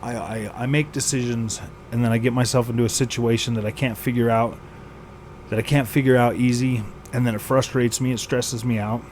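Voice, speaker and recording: On his gaming channel, a man vents his frustration in a vlog, sighing and repeating himself as he rants with exasperation. He speaks briskly at medium pitch, his tone steady and a little mellow, with slight background noise.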